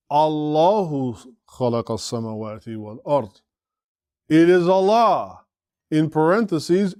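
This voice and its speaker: A man's voice: medium pitch, darkish tone, no echo, studio quality. A man teaching a classroom lecture, explaining step by step, often asking the class questions and checking in with "right?". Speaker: Arabic teacher and imam.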